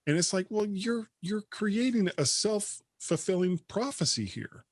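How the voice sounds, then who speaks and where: A man's voice: high voice, expressive, a little slow, husky, no echo, studio quality. A man co-hosting a tech podcast, chatting casually and laughing as he reads out the news. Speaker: podcast co-host. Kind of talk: casual chat.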